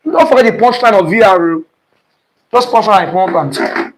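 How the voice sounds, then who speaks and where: High-voiced man teaching physics, quizzing. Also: lively intonation, slight background noise, rough recording. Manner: repetitive, quizzing with "what?" questions; speeds up and slows down, stressing terms. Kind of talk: online exam-prep lesson.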